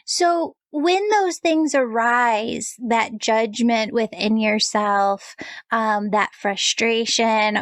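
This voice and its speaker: A woman's voice: fairly high pitch, fairly even intonation, takes it slowly, dry recording. A woman hosting a spiritual podcast, speaking in an affirming, reflective way. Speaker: podcast host, medium. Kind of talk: podcast conversation.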